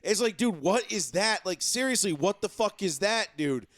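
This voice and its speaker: A man co-hosting a sports podcast, ranting profanely and mocking players with quick put-on voices. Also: high voice, animated, a bit bright, no room sound, studio quality. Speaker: podcast co-host. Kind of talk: casual sports talk.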